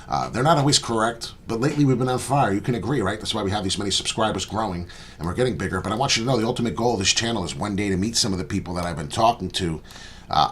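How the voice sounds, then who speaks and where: On his crypto channel, a man talks off the cuff in an earnest, blunt vlog monologue, cursing liberally and leaning on "uh" and "right?" as he rambles. His voice is lowish with a fairly bright tone, over slight background noise.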